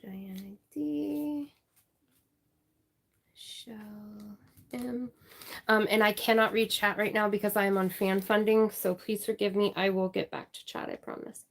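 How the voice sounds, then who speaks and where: A woman hosting a crafting livestream, chatting casually, reading viewer names and thanking them warmly. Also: medium pitch, level tone. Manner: warm, chatty, apologetic, reading out names slowly.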